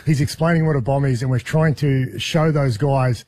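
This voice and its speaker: A man's voice: medium pitch, fairly even intonation, moderate pace, warm tone, dry recording. An Australian man on a radio show, telling a rambling story and laughing through it in casual chat. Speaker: radio show regular reporting from abroad.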